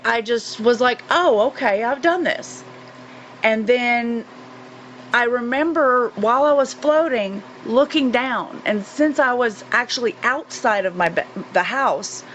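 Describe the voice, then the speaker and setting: A woman in her forties from North Carolina, a guest recounting a personal experience in an earnest, halting way with many fillers. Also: a little high, a bit bright. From North Carolina, USA. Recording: muffled recording with faint hiss.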